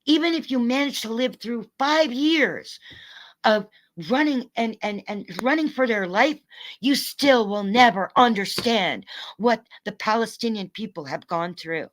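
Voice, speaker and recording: A woman streamer in an angry, profane rant at her viewers, talking in fast bursts. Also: fairly high pitch. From North America. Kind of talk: angry rant to a live audience.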